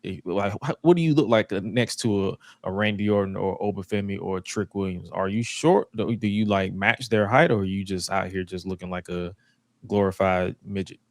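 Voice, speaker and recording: A man co-hosting a casual wrestling chat podcast, animated and laughing often, his voice jumping high when he jokes. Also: moderate pace, no room sound. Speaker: podcast co-host.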